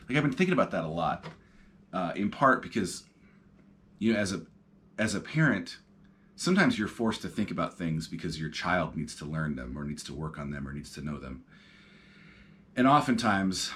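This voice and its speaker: A man's voice: low-pitched, a bit bright. A man in his thirties hosting a podcast, talking casually and reflectively from his couch at home, rambling with plenty of ums and uhs. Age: 30s. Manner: rambling, reflective, lots of fillers. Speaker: podcast host. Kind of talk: casual solo talk.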